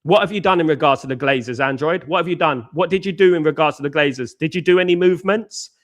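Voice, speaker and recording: A man's voice: a little high, quick pace, fairly bright tone, lo-fi sound. A man hosting a live fan show, answering chat in casual slangy banter and firing off combative rhetorical questions. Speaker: host.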